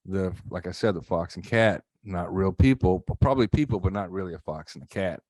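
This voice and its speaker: A man with a fairly low voice, talking through his opinion at an easy, steady pace. The recording is dry and close. He sounds like a laid-back co-host on a podcast. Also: brisk, no room sound. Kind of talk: casual chat.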